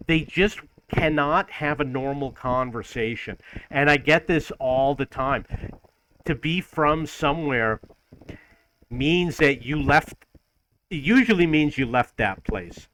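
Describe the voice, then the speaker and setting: Speaking slowly with lively intonation, a New York man vents in an audio-only vlog, exasperated and repetitive, mimicking others as he lists them. His voice is a little high and somewhat bright, and the poor audio carries a bit of hiss or hum.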